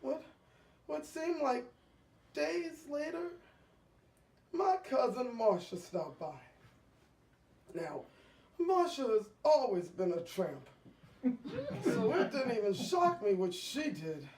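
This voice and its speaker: A woman telling a comic story in the first person, stammering and breaking into loud, indignant outbursts. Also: fairly high pitch, sing-song, slow pace, long pauses. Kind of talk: comic monologue. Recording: echoey room from far off.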